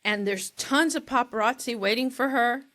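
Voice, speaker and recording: A woman's voice: a little high, moderate pace, bright, forceful tone. A woman co-hosting a casual podcast chat, rambling and often searching for her words. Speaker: co-host.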